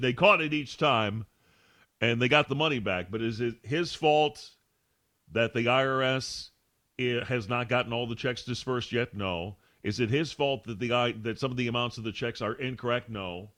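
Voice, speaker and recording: A man's voice: fairly low pitch, a bit bright. A man hosting a talk radio show, sarcastic and full of rhetorical questions.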